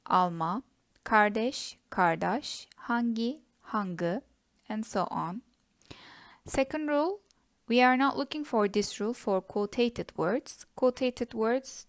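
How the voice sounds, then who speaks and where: A woman with a Turkish accent teaching a grammar lesson, patiently breaking words into syllables. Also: on the high side. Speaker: language teacher. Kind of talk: slow explanatory lesson.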